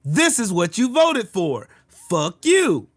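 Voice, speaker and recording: This livestream host talks slowly in a high voice whose pitch swoops wildly, ranting about politics with heat, profanity, and repetition while answering chat comments. The recording is dry.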